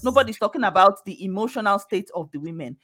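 Woman co-host, argues back hard, bright tense voice, dry close sound. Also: medium pitch, animated, quick pace, no echo. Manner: argumentative, pushes back, reads comments. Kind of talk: live talk show banter.

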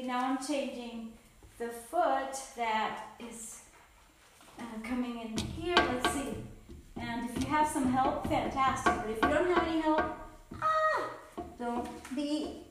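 A woman's voice: sits high, expressive, measured pace, roomy sound, background noise. A woman podcast host, out of breath, chatting and cheering herself on in an upbeat, encouraging way while exercising. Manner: upbeat, self-coaching, encouraging. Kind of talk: casual motivational chat while exercising.

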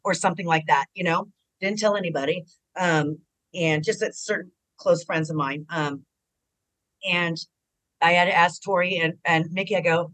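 Woman, middle-aged, slightly low voice, casual interview guest, lively storytelling, mimics others in a higher voice. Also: a little fast, rough recording. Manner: animated, acts out quotes in a higher voice. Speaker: guest, retired pro wrestler.

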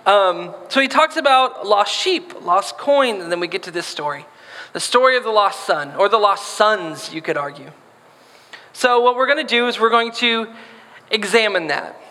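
A man's voice: sits high, lively intonation, moderate pace, pushed and bright. A man preaching a sermon, reading scripture and then talking casually and playfully, acting out voices in the quotes. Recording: long hall reverb.

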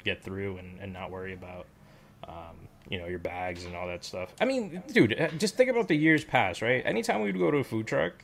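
A man's voice: on the low side, animated, a little fast, creaky, a little hiss or hum. A man chatting casually with friends, rambling with lots of fillers and restarts. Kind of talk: casual chat.

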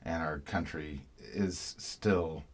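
A man's voice: very deep voice, takes it slowly. A man hosting a podcast in casual chat, talking emphatically and rambling with fillers. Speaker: podcast host.

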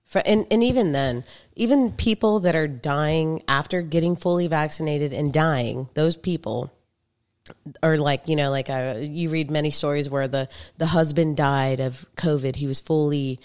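Female podcast guest, notably low voice, chatty storyteller who laughs a lot. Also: normal speed, darkish tone. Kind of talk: casual chat.

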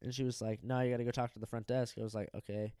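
A young man co-hosting a podcast, telling a crude story in a loose, animated way and acting out the people in it. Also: medium pitch, rapid-fire, clean tone, no echo, studio quality. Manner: animated, profane, acts out quoted people. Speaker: podcast co-host.

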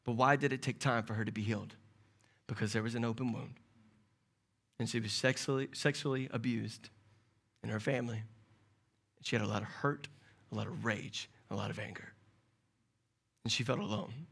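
A man preaching a sermon as pastor, moving from hushed, quiet passages to loud, urgent calls. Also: mid-range voice, fairly even intonation, normal speed, vocal fry, pauses often, husky. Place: church service. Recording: loud music under the voice.

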